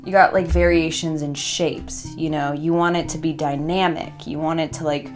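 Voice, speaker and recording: A woman's voice: deep voice, fairly even intonation, moderate pace, over music. A young woman chatting playfully to camera while arranging flowers at her home workstation, swearing casually and talking to herself. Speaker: craft vlogger.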